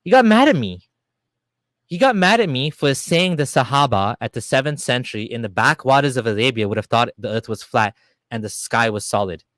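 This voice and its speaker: A man giving a casual, argumentative monologue to camera, animated and full of fillers and restarts. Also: mid-range voice, no room sound. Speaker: video creator.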